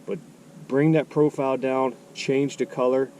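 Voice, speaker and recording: A man giving casual fishing tips, explaining his approach step by step in a relaxed way. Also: medium pitch, unhurried, a little hiss or hum. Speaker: angler.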